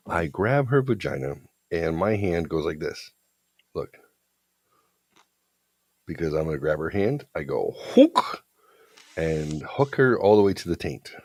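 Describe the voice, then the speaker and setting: Guy with a super low voice telling a crude story, blunt and confident, dry close sound. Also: a little mellow, no echo. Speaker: podcast co-host. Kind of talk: casual storytelling chat.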